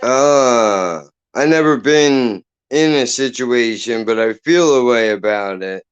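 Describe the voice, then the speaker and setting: A man chatting casually at home as channel host, loose and profane, getting loud when excited. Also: medium pitch, slow, smooth, highs cut off.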